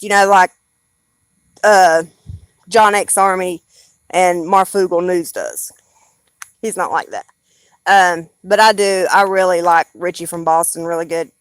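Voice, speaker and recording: A woman's voice: mid-range voice, steady tone, unhurried, smooth, no room sound. Southern woman live-streamer, rambling and cussing, bone-dry close sound, mid-range voice. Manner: rambling and blunt, swears freely. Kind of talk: casual live-stream chat.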